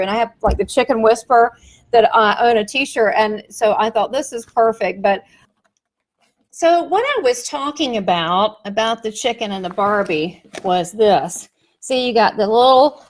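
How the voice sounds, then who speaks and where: A woman hosting a podcast, telling stories in an animated, giggly casual chat. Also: mid-range voice, low-quality recording. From Southern United States. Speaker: podcast host.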